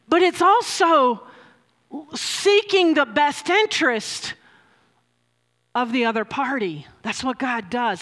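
A woman's voice: high voice, pushed and bright. A woman preaching a sermon into a microphone, telling stories with frequent laughs and emphatic rises. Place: church hall with a mic. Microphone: handheld or stand mic. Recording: long hall reverb.

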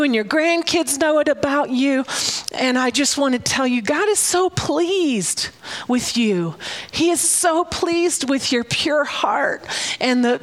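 Middle-aged woman preacher, slightly high voice, tearful and animated, laughs often. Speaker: pastor. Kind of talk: sermon with personal prophetic words.

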